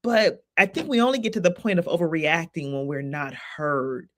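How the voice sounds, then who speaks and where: A woman's voice: low voice, moderate pace, fairly bright tone, slight background noise. A woman co-hosting a podcast, speaking in an earnest, reflective way with frequent fillers. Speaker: podcast co-host. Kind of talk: casual podcast chat.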